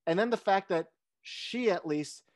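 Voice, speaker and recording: A man's voice: high voice, measured pace. A man co-hosting a movie podcast, mocking films in a sarcastic, swearing, casual way. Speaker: podcast co-host.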